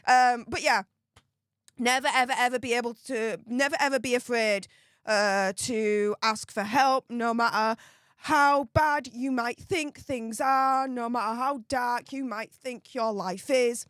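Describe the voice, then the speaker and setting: A woman hosting a casual live stream, chatting to viewers and thanking them warmly, with plenty of fillers. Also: a little high, fairly even intonation, unhurried, no room sound, clean studio sound.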